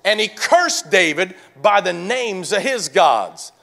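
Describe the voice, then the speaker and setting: A man preaching a sermon to his church, calling out to the congregation and swinging between shouted declarations and quieter teaching. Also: high-pitched, very animated, slow pace, creaky. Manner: calls out to the congregation. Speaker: pastor.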